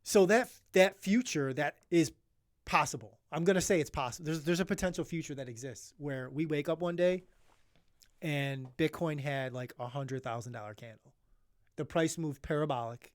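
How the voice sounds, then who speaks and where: Earnest rambling man, higher voice. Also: normal speed, no room sound, clean studio sound. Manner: earnest, rambling, many restarts and fillers. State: emotional. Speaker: podcast co-host. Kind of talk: casual podcast chat.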